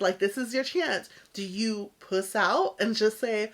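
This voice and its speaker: A woman co-hosting a podcast, telling a story in casual chat, laughing often and acting out other people's lines in a higher voice. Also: measured pace. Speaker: podcast co-host.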